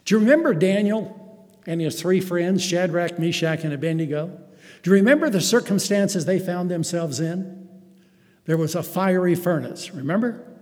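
In a hall with long reverb, a man preaches at a moderate pace in a high, slightly mellow voice. As pastor he addresses the congregation as beloved and builds emphasis with rhetorical questions.

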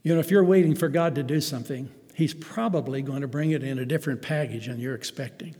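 A man's voice: medium pitch, quick pace, a little mellow. A man delivering a sermon as pastor, building emphasis with rhetorical questions and calling the congregation beloved. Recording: long reverb of a hall.

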